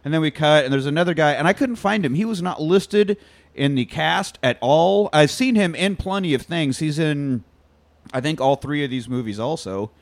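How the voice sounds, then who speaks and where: A man's voice: on the high side, normal speed, creaky, no room sound. A man hosting a casual chat, retelling a film scene by scene and swearing freely. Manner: profane, animated retelling with acted quotes. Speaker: podcast host.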